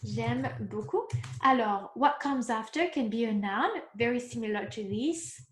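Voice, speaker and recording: A woman teaching a beginners' lesson, explaining slowly step by step and checking in with the class. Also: fairly high pitch, roomy sound. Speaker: French teacher. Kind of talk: recorded online lesson.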